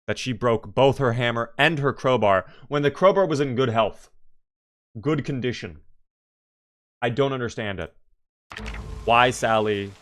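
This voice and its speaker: Animated young man streaming a game. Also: medium pitch. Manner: animated, exasperated outbursts at his character. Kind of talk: casual live-stream commentary.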